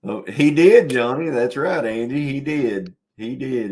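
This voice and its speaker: A man's voice: medium pitch, animated, a little slow, a little mellow. A man joining a casual livestream chat as a guest, laid-back, laughing often and drawing out words.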